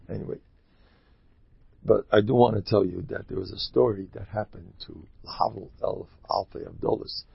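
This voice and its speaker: A man giving a sermon, telling stories in a rambling, animated way. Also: lowish voice, normal speed, vocal fry, breathy edge, dry recording. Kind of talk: sermon with storytelling. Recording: dull lo-fi dry recording.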